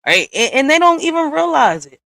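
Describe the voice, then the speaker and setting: A woman's voice: high voice, very animated, fairly quick, gravelly, fairly bright tone, no room sound. A woman hosting a live stream at home in a casual, blunt rant. She talks straight to her viewers with profanity and slangy asides. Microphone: streaming software setup.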